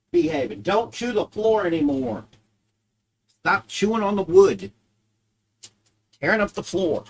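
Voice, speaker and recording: Cursing gaming streamer. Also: male voice, a little high, low-quality recording. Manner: swears freely, scolds his dog, jokes with viewers. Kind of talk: casual livestream chatter.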